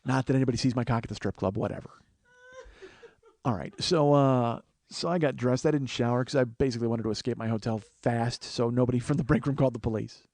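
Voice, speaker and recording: A man's voice: medium pitch, fast talker, a little mellow, no echo. A man in his forties, host of his own show, telling a long story on his own in a wry, profane way, acting out the people he meets. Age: 40s. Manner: profane, wry, acts out other people's voices. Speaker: podcast host. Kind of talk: solo storytelling monologue.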